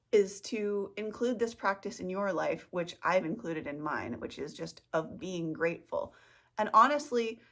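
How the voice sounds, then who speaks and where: A woman vlogger, talking straight to camera in a loose, rambling way. She pokes fun at herself as she goes, and her voice sits a little low. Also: fairly bright tone. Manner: chatty, rambling, self-mocking, with laughs and playful asides. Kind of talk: casual talk to camera.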